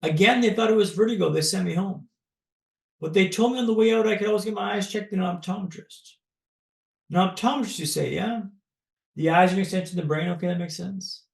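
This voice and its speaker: Guy from canada telling his story slow and dramatic, kinda gravelly, echoey room. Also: high voice. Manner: dramatic, paced storytelling with pauses. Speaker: podcast guest. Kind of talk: personal storytelling.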